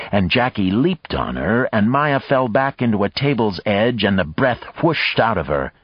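Low male narrator, measured audiobook reading, dry close sound, dull tone. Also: sing-song, slightly rough, no echo. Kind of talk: scripted narration.

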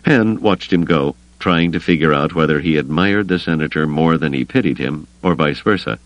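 A man narrating a novel as an audiobook, with expressive storytelling. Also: a bass voice, normal speed, no echo, highs cut off. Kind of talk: scripted narration.

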